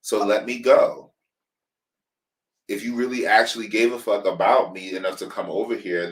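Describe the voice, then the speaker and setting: Low-voiced male co-host, casual podcast recap, animated storyteller who acts out the quotes, somewhat distant from the mic. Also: fairly quick. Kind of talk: casual review chat.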